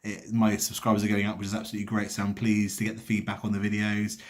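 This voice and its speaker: A man's voice: fairly low pitch, monotone, fast. Chatty man reviewing a show. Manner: chatty, rambling with restarts. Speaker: theatre reviewer vlogger. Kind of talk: casual vlog review. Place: outdoors walking uphill, then in a car.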